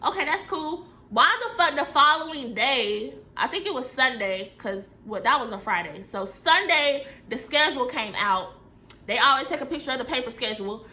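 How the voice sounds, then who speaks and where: Profane, animated young woman. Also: fairly high pitch. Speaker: vlogger telling a story. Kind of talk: casual storytime.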